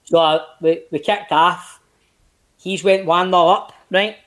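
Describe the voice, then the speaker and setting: A man in his late thirties with a Glaswegian Scottish accent, telling a story as a guest in casual chat, animated and sweary, acting out quotes in big swings of pitch. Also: slow. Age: late 30s. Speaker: podcast guest, actor.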